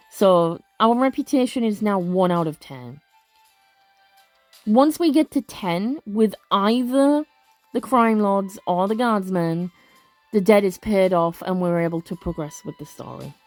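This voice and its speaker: A woman's voice: medium pitch, lively intonation, measured pace, no echo. Chatty young woman commentating a game. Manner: chatty, rambling, many fillers and restarts. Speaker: let's play gamer. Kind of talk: casual game commentary and reading aloud. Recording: dry close mic with faint game music.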